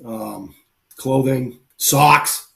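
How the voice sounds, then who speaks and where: A man's voice: medium pitch, extremely slow, creaky, bright, forceful tone. A man hosting a live stream, a former infantry grunt, chatting casually and telling rambling stories full of "like" and "you know". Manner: rambling, filler-heavy storytelling. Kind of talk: casual chat.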